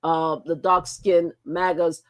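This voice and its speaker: An older woman hosting a livestream and reacting to clips. She speaks emphatically, repeats her points and exclaims loudly at what she sees. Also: lowish voice, flat delivery, slow. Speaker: livestream host.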